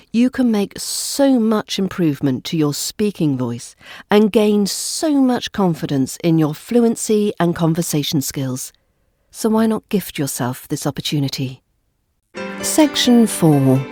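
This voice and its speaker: A woman's voice: mid-range voice, warm tone, dry recording. A woman with an RP British accent, a podcast host giving a scripted accent lesson with careful, precise enunciation. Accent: RP British English.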